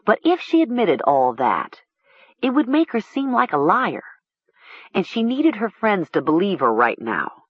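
A woman narrating a storybook in a measured, expressive way. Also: medium pitch, breathy edge, dry recording. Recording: dull lo-fi recording.

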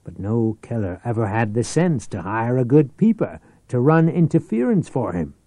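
A man voicing a ruthless, scheming rich businessman who talks forcefully and persuasively. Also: mid-range voice, big pitch swings, moderate pace, no room sound. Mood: calculating.

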